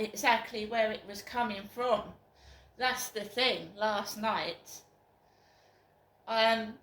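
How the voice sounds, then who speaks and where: An older woman, talking frankly to camera in a rambling vlog with many pauses. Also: on the high side, pushed and bright. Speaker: vlogger. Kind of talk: casual talk to camera. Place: her home, indoors. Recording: echoey room, faint background noise.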